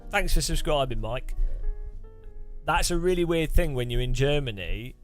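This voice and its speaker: A man's voice: mid-range voice, lively intonation, normal speed, soft background music. A man chatting casually on a live stream, rambling and chuckling as he thanks viewers between thoughts.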